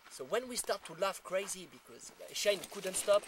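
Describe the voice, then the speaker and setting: A man's voice: high voice, animated, measured pace, noisy background. A man from France with a French accent tells a casual anecdote in English, laughing often and acting out the people he quotes. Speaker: storyteller.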